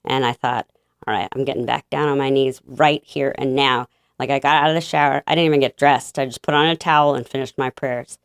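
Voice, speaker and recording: A woman guest telling a personal faith story in an interview, halting and emotional, with many fillers and restarts. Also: very deep voice, steady tone, no echo, studio quality.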